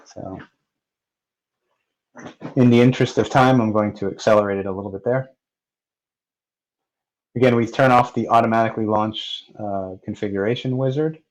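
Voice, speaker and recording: A man narrating a technical software walkthrough step by step, in a plain manner with occasional fillers. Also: on the low side, steady tone, moderate pace, pauses often, low-quality recording. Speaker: software tutorial presenter. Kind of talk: screen-recorded technical walkthrough.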